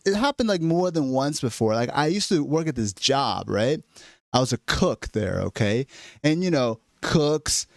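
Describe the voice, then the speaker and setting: A man vlogger with a medium-pitched voice delivers an exasperated, profane comedic rant straight to camera. The recording is clean studio sound with no echo.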